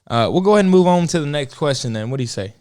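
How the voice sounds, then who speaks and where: Young guy on a couple podcast, jokey and teasing, smooth clear voice. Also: a little high, animated, very fast, darkish tone. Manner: joking, teasing. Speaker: podcast co-host. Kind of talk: casual couple podcast chat.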